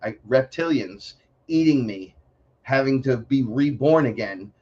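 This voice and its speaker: Animated storytelling man, lo-fi sound. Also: medium pitch, a little slow, breathy edge. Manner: excitable, profane, acts out voices in stories. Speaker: guest. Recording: dull lo-fi audio.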